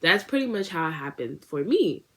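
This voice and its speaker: Low-voiced young woman telling a story. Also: normal speed, slightly rough. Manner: animated casual storytelling with slang. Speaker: beauty vlogger. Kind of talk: storytime vlog.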